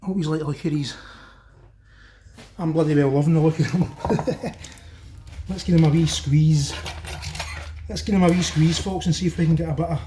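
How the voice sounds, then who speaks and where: A man's voice: on the high side, steady tone, moderate pace, pauses often, mellow, echoey room, a little hiss or hum. A man with a Glasgow accent chatting casually to viewers as he cooks in a home kitchen, exclaiming over the food. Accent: Glaswegian Scottish. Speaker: home cooking vlogger. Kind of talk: casual cooking commentary to camera.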